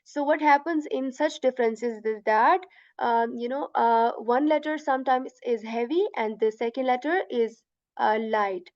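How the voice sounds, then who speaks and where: A woman teaching letter pronunciation step by step, patiently repeating each sound slowly and checking in with "right?". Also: on the high side, darkish tone, no room sound, dull audio. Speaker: Quran recitation teacher.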